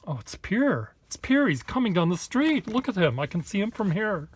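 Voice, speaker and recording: A man voicing an excited, gossipy onlooker spotting someone in the street, in a shrill, put-on tone. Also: normal speed, breathy edge, exaggerated voice. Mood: gushing.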